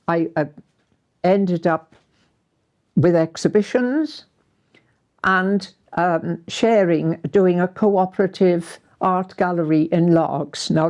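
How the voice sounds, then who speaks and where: A woman's voice: fairly low pitch, creaky, mellow. A woman in her seventies from Wales, an artist recalling her life in a chatty, meandering way. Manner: chatty, meandering storytelling with fillers. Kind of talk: reminiscing life story.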